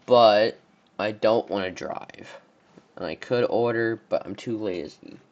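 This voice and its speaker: A man's voice: on the low side, takes it slowly, a little mellow, highs cut off. A young man from the United States giving casual, rambling commentary on car brands, often stumbling over names. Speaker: car reviewer. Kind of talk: casual commentary on a tier list.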